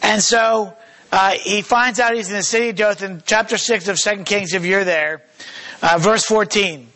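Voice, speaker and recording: A man preaches a sermon in a fairly high, sharp voice with fairly even intonation. His delivery halts, with small fillers and restarts, and he slows to a deliberate pace when reading scripture aloud.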